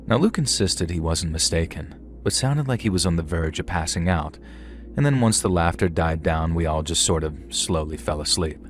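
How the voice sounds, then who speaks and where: A young man narrating a first-person horror story in a measured, conversational way with casual slang. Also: sits low. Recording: faint music underneath.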